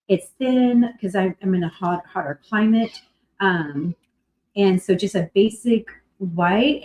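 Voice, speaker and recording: In a mid-range voice, the middle-aged Californian livestream host chats casually and meanders, full of fillers and false starts, then brightens into effusive greetings for her viewers.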